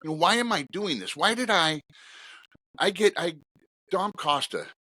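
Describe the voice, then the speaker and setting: A middle-aged man, a retired police officer, telling stories on a podcast in a casual, animated, profane way. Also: moderate pace, no room sound. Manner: animated, profane, swinging pitch while telling a story.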